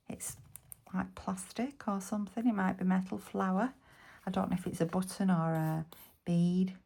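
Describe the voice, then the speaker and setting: Chatty Bolton woman with a lower voice. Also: moderate pace, vocal fry, a little mellow. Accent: Bolton, Lancashire. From Bolton, England. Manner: chatty, muttering half-whispered asides while working. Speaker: craft vlogger. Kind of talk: casual crafting tutorial chat.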